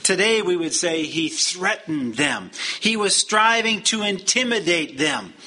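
A man's voice: sits high, lively intonation, measured pace, bright, forceful tone. A man teaching a Bible lesson verse by verse in a conversational, explanatory way with frequent fillers.

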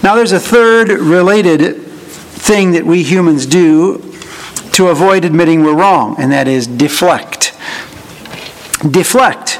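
High-voiced preacher man. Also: slow pace, long pauses, rough recording. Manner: acts out quoted voices, dry humor. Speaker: pastor. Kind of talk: sermon.

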